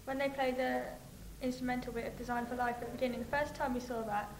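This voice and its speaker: Young woman, high-pitched, excited anecdote teller; roomy recording. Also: fast talker. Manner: excited storytelling with giggles. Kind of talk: casual chat. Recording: roomy with faint noise.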